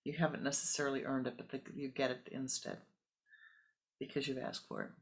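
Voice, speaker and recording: A spiritual teacher giving a sermon, telling a parable calmly and guiding a meditation. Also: medium pitch. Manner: calm, measured storytelling with pauses.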